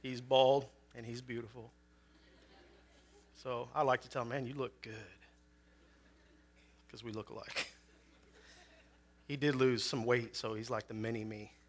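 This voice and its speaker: A man's voice: mid-range voice, a bit bright. A man in his forties from Chicago, preaching as a guest speaker with personal testimony, conversational, with joking asides and frequent fillers.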